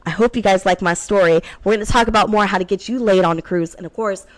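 A woman's voice: mid-range voice, a little fast, low-quality recording. A woman hosting her own radio show, telling a raunchy personal story in a brash, profane, frank way. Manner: brash and profane, talks frankly about sex.

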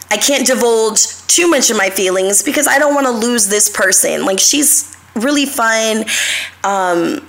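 A woman's voice: a little high, fairly bright tone. A young adult woman hosting a live show, telling stories in a casual, confessional way, swearing freely and talking straight to her listeners.

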